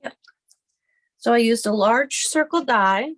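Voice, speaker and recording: A woman hosting a live card-making tutorial from her home craft desk, chatty and rambling as she thinks aloud, her voice a little hoarse from a cough. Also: on the high side, unhurried, a bit bright. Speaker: card-making livestream host. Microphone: computer webcam mic at her desk.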